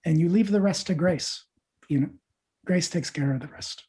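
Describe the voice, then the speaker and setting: Husky, dark-voiced man telling a parable. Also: fairly high pitch, normal speed. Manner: animated storyteller, lively asides to listeners. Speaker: podcast guest, meditation teacher.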